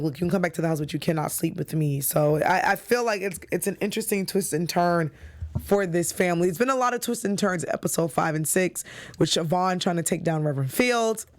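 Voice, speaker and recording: A woman's voice: low-pitched, darkish tone. Chatty woman hosting a TV recap. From New York. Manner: chatty, enthusiastic, with frequent fillers. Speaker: TV recap show host. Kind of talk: casual recap chat.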